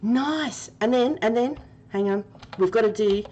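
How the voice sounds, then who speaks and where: A woman's voice: on the high side, unhurried, mellow, dull audio, slight background noise. A woman streaming a game live, chatting with her viewers by name and laughing often. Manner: giggly, laughing often and talking to chat by name.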